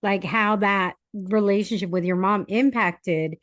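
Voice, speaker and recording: A woman's voice: medium pitch, steady tone, a little slow, no room sound. Podcast host lady, dry sound, chill questions, says yeah a lot. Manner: attentive, brief affirmations. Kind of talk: casual interview chat.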